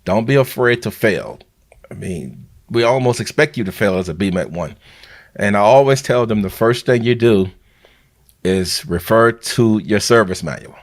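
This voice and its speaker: A man's voice: fairly low pitch, normal speed. A man, a biomed manager and podcast host, giving earnest, heartfelt advice in a casual podcast chat.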